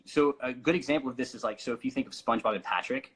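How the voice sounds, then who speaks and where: Young male vocal coach, casual teacher with lots of ums, bright edge, a little husky. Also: medium pitch, fast, rough recording. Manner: explains with demonstrations, many fillers.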